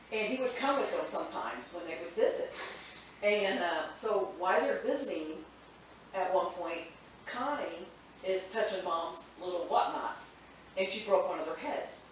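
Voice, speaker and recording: A teacher with a medium-pitched voice casually tells funny stories, acting out quotes and laughing often, animated though a little slow. She's recorded from far off in an echoey room with faint noise.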